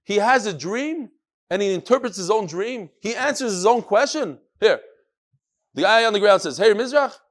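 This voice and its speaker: A man's voice: high voice, normal speed. A man teaching a Daf Yomi Talmud class in English peppered with Hebrew and Yiddish terms, animatedly acting out the dialogue in the text. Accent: yeshivish English with Hebrew and Yiddish terms. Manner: animated, acts out dialogue in raised voices.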